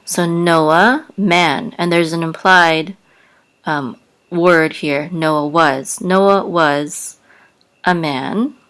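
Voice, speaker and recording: A woman's voice: lowish voice, very slow, a bit bright, smooth. A woman teaching a language lesson, patiently spelling out sounds letter by letter. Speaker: Hebrew teacher. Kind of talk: slow spoken lesson.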